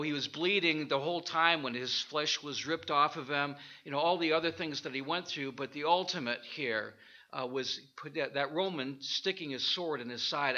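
A man teaching an informal Bible study, thinking aloud with halting restarts and rhetorical questions. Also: a little high, sharp tone, dull audio.

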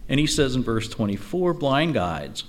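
A man teaching an informal Bible study, reading verses aloud and explaining them in a relaxed, conversational way with frequent asides. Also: mid-range voice, normal speed. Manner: conversational, lively, with frequent "you know" asides.

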